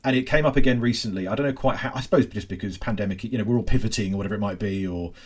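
A man in his forties hosting a podcast, reflective and rambling, with halting restarts. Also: on the low side, husky. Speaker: podcast host. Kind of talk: casual chat.

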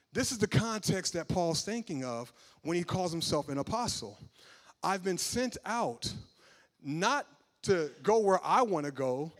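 A man preaching a sermon, talking casually with the congregation and building up to loud, emphatic passages. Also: high-pitched.

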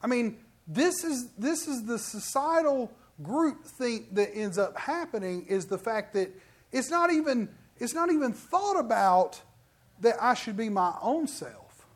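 Middle-aged preacher, lively swooping pitch, keeps restarting mid-sentence, emphatic sermon. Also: a little slow. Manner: animated, emphatic, with many restarts.

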